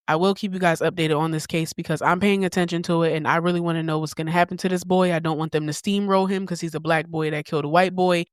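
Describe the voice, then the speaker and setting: A woman's voice: fairly low pitch, clear, resonant tone, no echo. Blunt woman podcast host, dry close sound. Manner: blunt, candid, swears casually. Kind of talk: opinionated commentary.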